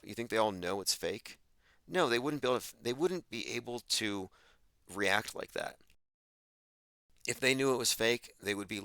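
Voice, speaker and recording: Sharp-toned, emphatic male podcast host. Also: fairly low pitch, clean tone, no echo. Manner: emphatic, sardonic, mocking quoted voices. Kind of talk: monologue commentary.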